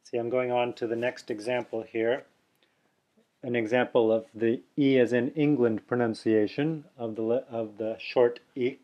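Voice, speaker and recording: A man teaching pronunciation in an unhurried explanatory way, often restarting phrases and repeating example sounds. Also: mid-range voice, steady tone, dull audio. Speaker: language teacher. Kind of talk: explaining pronunciation over a document.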